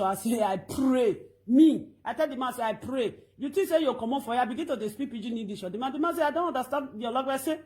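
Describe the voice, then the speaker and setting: Middle-aged Nigerian woman vlogger, high voice, emphatic storyteller who mixes Pidgin and English. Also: darkish tone. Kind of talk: animated storytelling.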